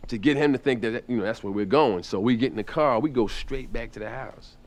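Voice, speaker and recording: Guy telling a stand-up story, animated, lots of restarts, normal pitch. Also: fairly quick. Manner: animated, repetitive restarts, jumps up in pitch for impressions.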